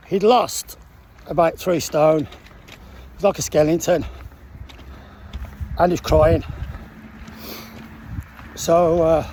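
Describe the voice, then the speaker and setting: Halting man recounting a story. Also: a little high, a little mellow, slight background noise. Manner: halting, emotional, with frequent restarts. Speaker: former military trainee telling his story. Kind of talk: personal storytelling monologue.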